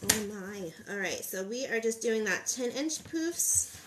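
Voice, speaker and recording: A woman's voice: medium pitch, expressive, a little slow, background noise. A woman hosting a live craft tutorial, chatting upbeat with viewers as she works at her table.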